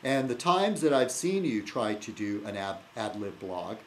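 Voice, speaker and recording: A man talking casually to camera as a video blogger, rambling and teasing, halting often with fillers and restarts and chuckling to himself. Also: lowish voice, sing-song, fairly bright tone, slight background noise, rough recording. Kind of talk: rambling casual vlog chat.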